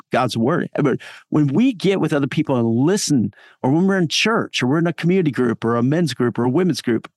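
A man's voice: fairly high pitch, a little mellow, no room sound, clean studio sound. A man speaking as a pastor guest on a podcast interview, talking in an earnest, encouraging, sermon-like way with frequent fillers.

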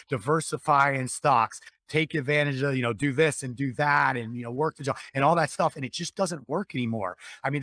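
A man who is a guest on a podcast, talking in an energetic, persuasive way and often repeating words. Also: mid-range voice, no room sound, studio quality. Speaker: podcast guest, business coach. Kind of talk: conversational interview talk.

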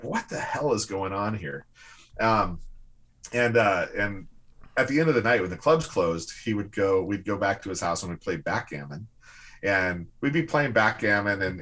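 A man with a low, husky voice tells a personal story to a host in an easygoing, conversational way. He is animated and lively, pushing his voice up as the story builds. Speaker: guest.

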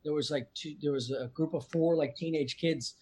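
A man's voice: fairly high pitch, steady tone, normal speed, a little mellow, slightly rough. A man from the Philadelphia area with a Philly accent, telling profane stories in casual podcast chat. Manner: profane, storytelling, laughs often.

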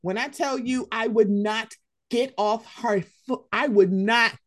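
A woman's voice: a little high, measured pace. A woman co-hosting a casual gossip chat, blunt and profane, often slipping into mocking impressions of others. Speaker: podcast co-host.

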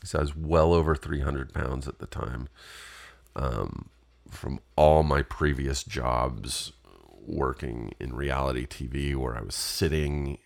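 A man's voice: extremely low pitch, takes it slowly, creaky. A man telling a rambling personal story in a casual, profane way, with many fillers.

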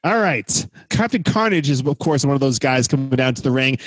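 A man's voice: medium pitch, expressive, fairly quick, no echo, clean studio sound. A man hosting a casual movie podcast, recapping scenes with playful jokes. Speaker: podcast host.

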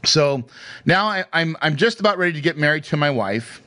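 A man's voice: fairly high pitch, lively intonation, fairly quick, bright, forceful tone. A man casually telling a personal story in a chatty way, with frequent restarts and tag questions. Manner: chatty, hesitant restarts, asks "right?" often. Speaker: speaker sharing his career story.

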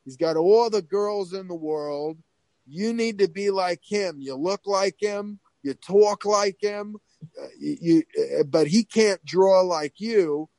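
A man imitating an excitable, gravelly-voiced beauty school owner with a Long Island accent. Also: sits high, slow pace, no room sound, voice pushed up. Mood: gushing. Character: flamboyant middle-aged male beauty school owner.

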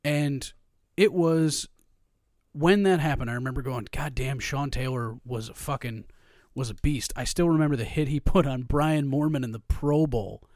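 A man on a sports podcast, ranting hard and swearing freely about the game. His voice sits in a middle pitch, recorded close and dry with almost no room sound. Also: normal speed, a little mellow, dry recording. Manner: profane, ranting, heated. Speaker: podcast co-host. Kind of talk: casual sports chat.

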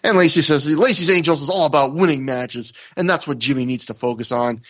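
A man's voice: fairly high pitch, fairly quick, few pauses, a bit bright, muffled recording. A man hosting a podcast, recapping wrestling shows in a casual, chatty way with asides. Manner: chatty, recounting with asides and laughs. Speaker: podcast host.

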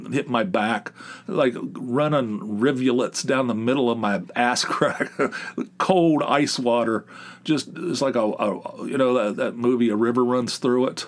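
A man hosting a podcast, telling a rambling, profane, sarcastic story in a casual monologue. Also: mid-range voice. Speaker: podcast host.

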